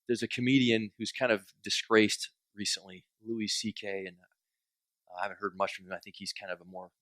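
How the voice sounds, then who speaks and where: A man's voice: fairly low pitch, level tone, moderate pace, fairly bright tone, no echo. A man preaching a sermon in a conversational, joking way, acting out quoted complaints. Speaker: pastor.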